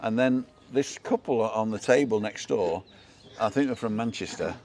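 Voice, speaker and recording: A man's voice: on the low side, moderate pace, darkish tone, slight background noise. A man who co-hosts a live show, telling rambling anecdotes in casual chat and checking in with tag questions.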